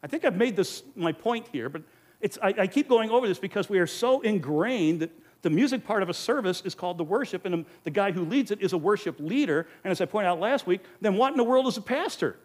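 A man's voice: sits high, lively intonation, fast. A man in the role of pastor, giving an earnest, emphatic teaching sermon into a microphone and asking rhetorical questions. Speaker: pastor teaching a Bible study.

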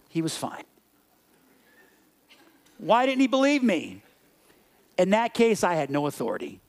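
A male pastor delivering a sermon with a voice set higher than most men's. He preaches in an animated way, playing out bits of dialogue. He sinks into quiet, gentle passages for reflection. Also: a little slow, pauses often. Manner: animated, acts out scenes and dialogue; drops to soft quiet reflection.

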